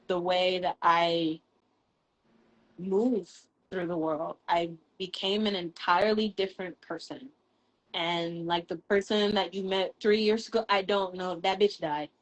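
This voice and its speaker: A woman's voice: on the low side, steady tone, measured pace, fairly bright tone, poor audio. A woman in a candid personal conversation, talking frankly, swearing casually and laughing between thoughts, over a live video call. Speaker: guest.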